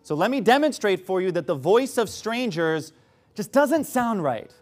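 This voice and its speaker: A male preacher with a voice pitched high for a man delivers a sermon to a congregation. He leans into sarcasm, then drives his points home with firm emphasis. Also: big pitch swings, moderate pace.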